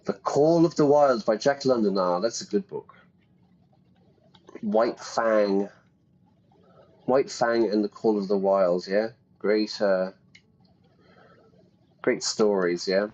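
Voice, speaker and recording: Man host, slightly low voice, playful game chatter, muffled sound. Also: slow pace, pauses often, darkish tone. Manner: chatty, playful, thinks aloud. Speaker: teacher playing a game for learners. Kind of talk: casual game commentary.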